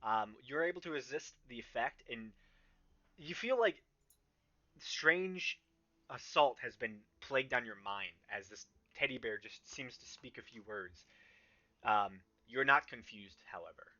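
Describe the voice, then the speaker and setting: A man narrating as game master of a tabletop game, halting with many ums and restarts. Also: medium pitch, sharp tone. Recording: slightly dull, muffled sound.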